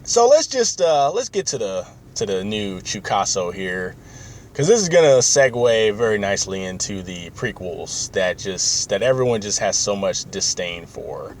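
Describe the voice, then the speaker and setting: A man's voice: fairly low pitch, big pitch swings, moderate pace, slight background noise. A man hosting a podcast in casual chat, rambling and opinionated with many fillers. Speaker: podcast host.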